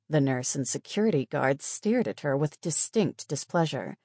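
Woman audiobook narrator, measured and even, with a dry, close sound. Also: low-pitched, dry recording. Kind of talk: scripted narration.

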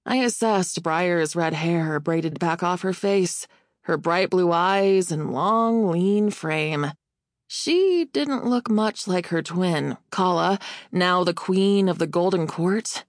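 A woman reading a novel aloud as an audiobook narrator, in a measured, expressive first-person telling on a close studio mic. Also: on the low side, no room sound.

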